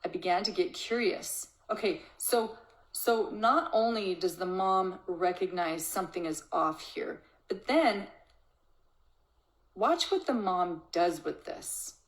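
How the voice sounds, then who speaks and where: A woman's voice: fairly low pitch, lively intonation, slow. A woman hosting a parenting advice show, reading a listener's letter and commenting on it in an emphatic, coaching way, often starting with "so". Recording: echoey room.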